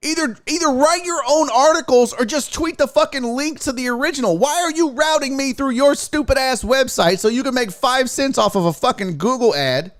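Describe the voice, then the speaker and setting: An extremely high-pitched, slightly bright male voice carries a live-streamed sports rant. The host sounds exasperated and profane, and he mocks others in sing-song asides.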